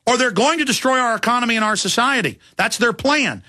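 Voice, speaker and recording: A man's voice: extremely high pitch, expressive, fairly quick, bright, forceful tone, no echo, clean studio sound. A man in his thirties hosting a talk radio show, delivering an intense, emphatic, ranting political monologue.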